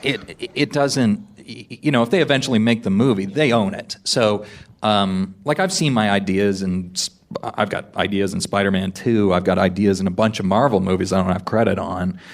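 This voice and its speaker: A man's voice: lowish voice, moderate pace, creaky. Dry, wry male screenwriter. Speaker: screenwriter guest. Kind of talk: casual panel talk.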